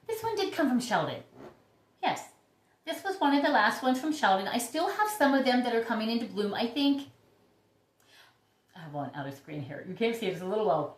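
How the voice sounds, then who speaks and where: A woman hosting a casual vlog about her orchids, chatty and gushing with breathy exclamations. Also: medium pitch. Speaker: orchid YouTuber. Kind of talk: casual show-and-tell vlog. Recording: echoey room.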